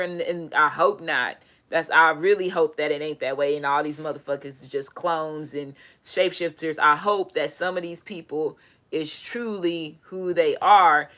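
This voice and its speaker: Woman doing a tarot reading, bright voice, swears a lot, super animated. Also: low voice. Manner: animated, profane, laughing asides. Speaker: tarot reader. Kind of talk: casual tarot reading monologue.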